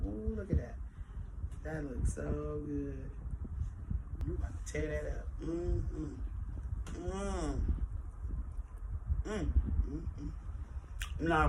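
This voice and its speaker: A woman's voice: sits low, creaky, noisy background. A woman hosting an eating show, chatting casually to viewers and humming with pleasure between bites, often talking with her mouth full. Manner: chatty, drawn-out savoring hums, talks with mouth full. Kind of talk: casual mukbang chat while eating.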